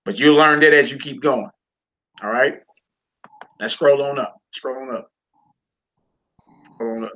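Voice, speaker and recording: A man teaching a live-streamed Hebrew lesson casually, repeating words and drilling syllables slowly. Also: mid-range voice, fairly bright tone, highs cut off.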